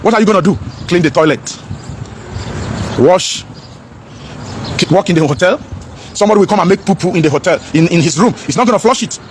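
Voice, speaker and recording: A man's voice: high-pitched, lively intonation, fairly quick, pauses often, slight background noise. A man in an impassioned, preachy monologue, asking rhetorical questions and slipping into pidgin.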